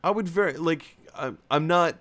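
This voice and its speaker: A man's voice: on the high side, normal speed, fairly bright tone. A young man hosting a live movie chat, reading out viewer comments and rambling casually with lots of fillers and restarts.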